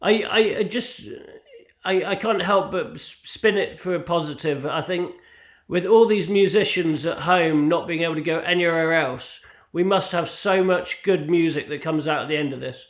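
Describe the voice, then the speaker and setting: High-voiced man, hesitant and laughing. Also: normal speed. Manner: hesitant, laughing, restarts a lot. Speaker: open-mic musician. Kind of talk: casual chat on a video call. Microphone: video call. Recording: echoey room.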